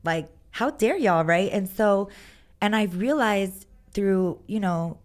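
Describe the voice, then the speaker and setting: Animated woman telling stories. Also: medium pitch, slow. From Texas. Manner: animated storyteller, lots of "like", acts out quotes. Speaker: guest musician. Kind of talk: casual chat.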